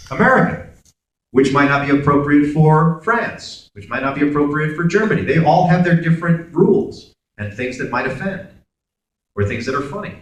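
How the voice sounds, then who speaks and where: A man from Brooklyn, telling stories as a guest at a convention Q&A and acting out dialogue in voices. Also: on the high side. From Brooklyn, New York. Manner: animated, acts out dialogue in voices. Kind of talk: convention Q&A storytelling. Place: large convention hall. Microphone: camera in the audience, far from the speaker. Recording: very echoey hall, from far off.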